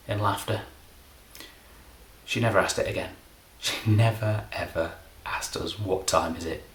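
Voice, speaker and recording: Deep-voiced deadpan man. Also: echoey room. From England. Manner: deadpan, self-deprecating, meandering. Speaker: comedy magician. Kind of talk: rambling comedic monologue.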